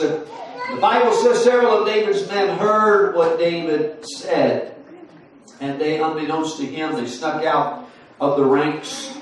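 A man's voice: fairly high pitch, steady tone, unhurried. A man in his forties preaching a sermon in a folksy storytelling way, full of fillers and restarts. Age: 40s. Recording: roomy far-off sound with faint noise.

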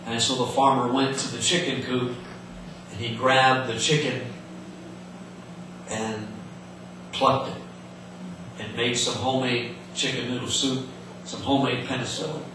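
A man's voice: medium pitch, flat delivery, a little slow, pauses often, noisy background. A man preaching a sermon in an earnest way, often repeating words and restarting, heard in an echoey hall from some distance.

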